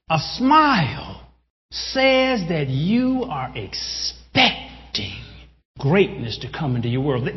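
A male pastor preaching a sermon to a congregation, animated, bursting into shouts and addressing listeners directly. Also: on the high side. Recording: dull lo-fi sound with long hall reverb.

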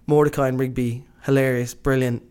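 A man's voice: medium pitch, flat delivery, brisk, darkish tone, clean tone. A man from Britain co-hosting a casual conversation. He rambles enthusiastically, restarting sentences and leaning on fillers. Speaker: podcast co-host. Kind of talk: casual chat.

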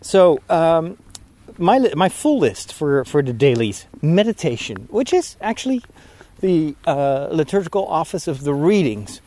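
A priest podcaster recording a casual vlog outdoors while walking, a bit out of breath, talking in a rambling, easily distracted way. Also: male voice, fairly high pitch, big pitch swings, a little slow, warm tone. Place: outdoors on a walk at sunset.

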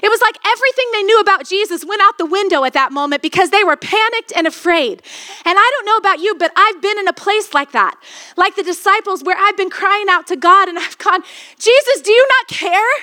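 A woman's voice: extremely high pitch, fairly quick, bright, forceful tone. A woman pastor preaching a sermon, retelling a scripture story and asking the congregation rhetorical questions.

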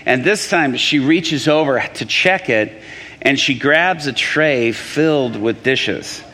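A man in the middle of a testimony sermon, telling his story with animated energy, stumbling and restarting as he goes. His voice sits at an ordinary pitch for a man, and it rings with a long reverb, as if the mic were picking up a big hall. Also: slow.

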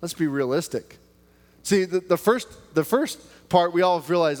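A man's voice: a little high, lively intonation, moderate pace, big-room sound. A man preaching a sermon in a casual, self-mocking way, acting out little prayers and conversations. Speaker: pastor.

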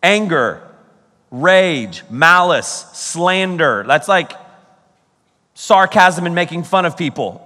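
Slow, bright-voiced preacher man in reverb. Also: a little high. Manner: animated, with playful mock exasperation and exclamations. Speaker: pastor. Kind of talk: sermon.

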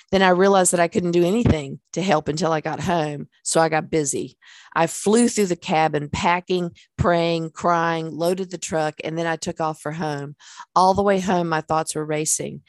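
A woman's voice: low-pitched, steady tone, normal speed, no echo. A woman, a life coach, reading her own memoir aloud in an earnest way, with small laughs and fillers in the asides.

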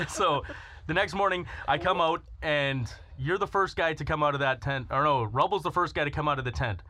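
Guy telling a raunchy camping story, high sharp voice, swears every other word and keeps cracking up. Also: normal speed, no echo. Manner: profane, laughs through his stories. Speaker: podcast co-host telling a story. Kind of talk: crude casual storytelling.

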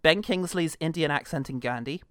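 A man's voice: a little high, moderate pace, fairly bright tone, dry recording, clean studio sound. A man co-hosting a comedy podcast, riffing in casual chat with mock indignation. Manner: joking, mock-indignant riffs. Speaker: podcast co-host.

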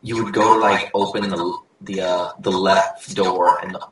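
Low-voiced young guy rambling about games, lots of ums, really echoey room. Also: level tone, moderate pace, a bit bright. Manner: rambling, many ums and restarts. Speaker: podcast co-host. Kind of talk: casual gaming chat. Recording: very echoey room, faint hiss.

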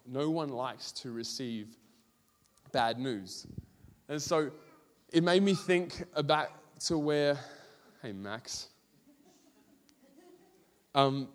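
A man's voice: medium pitch, long reverb tail. A young man with an Australian accent, giving a casual, rambling sermon full of fillers and self-deprecating stories. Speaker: preacher.

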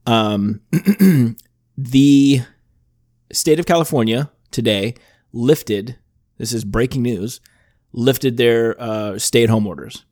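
A man hosting a podcast with a throaty voice, rambling casually and clearing his throat often. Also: medium pitch, slow, pauses often, darkish tone, no echo, clean studio sound. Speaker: podcast host. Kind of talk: casual chat.

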